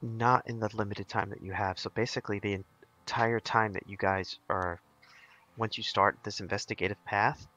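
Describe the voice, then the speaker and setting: Bright-voiced game master explaining rules. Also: male voice, fairly low pitch, moderate pace, poor audio. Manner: explanatory, relaxed. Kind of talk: casual tabletop game chat.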